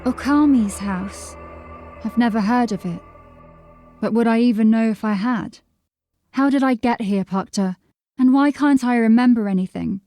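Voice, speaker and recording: A woman's voice: on the high side, moderate pace, dark tone, faint music behind, natural voice. A woman voicing a puzzled young woman who has lost her memory, asking bewildered questions in an audiobook. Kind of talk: audiobook character voice.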